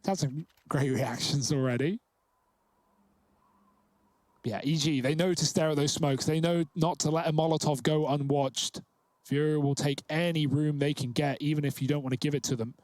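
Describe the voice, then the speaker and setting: A man calling a live esports match with quick, analytical play-by-play. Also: on the high side, steady tone, darkish tone, no echo. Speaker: esports caster. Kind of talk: live game commentary.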